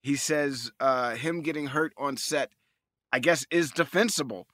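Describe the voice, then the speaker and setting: Dry, bright-voiced man podcast co-host. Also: mid-range voice, unhurried, dry recording. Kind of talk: casual chat.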